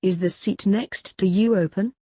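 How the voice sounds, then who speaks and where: A woman's voice: medium pitch, steady tone, moderate pace, mellow, husky, no echo, clean studio sound, natural voice. A woman reading a grey-haired scolding teacher. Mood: stern. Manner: brusque, scolding. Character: stern grey-haired male teacher, snapping at students.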